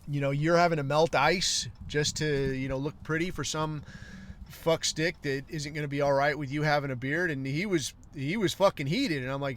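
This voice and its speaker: A man's voice: fairly high pitch, steady tone, normal speed, a bit bright, a little hiss or hum. A man in his forties, a podcast host, telling a long profane story in a rambling, wry way. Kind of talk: casual storytelling monologue.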